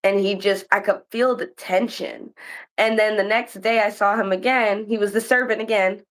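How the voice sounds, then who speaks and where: An American woman hosting a casual chat podcast, telling stories with lively acted-out quotes. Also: medium pitch, moderate pace. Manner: animated storytelling, acts out quoted voices. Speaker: podcast host.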